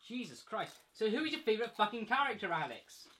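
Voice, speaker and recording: A young man hosts a loose chat with his friends, his voice bright and forward, sitting a little higher than most men's. He teases the others with mock offence, and faint noise hums underneath. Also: big pitch swings, fast. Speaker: host. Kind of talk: casual chat among friends.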